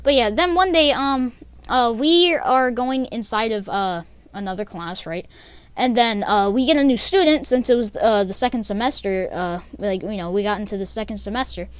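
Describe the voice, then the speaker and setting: A woman's voice: a little high, moderate pace, smooth, no room sound. A young woman telling a casual storytime, rambling with many fillers and laughs. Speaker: vlogger.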